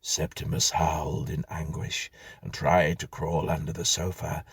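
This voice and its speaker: Deep husky male storyteller. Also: level tone, no echo, clean studio sound. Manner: measured, dryly whimsical reading. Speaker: narrator. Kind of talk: scripted storytelling.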